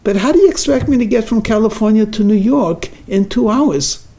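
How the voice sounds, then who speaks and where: A man's voice: sits high, brisk, dark tone. A rabbi voicing a doting, reassuring elderly mother in a joke during his lecture. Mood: soothing. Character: doting elderly Jewish mother, soothing, unflappable.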